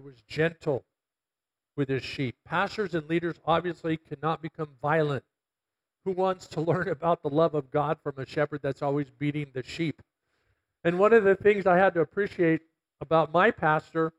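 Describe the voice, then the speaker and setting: A man's voice: on the high side, rough recording. A middle-aged man, a pastor, preaching a conversational sermon full of stories and quoted asides.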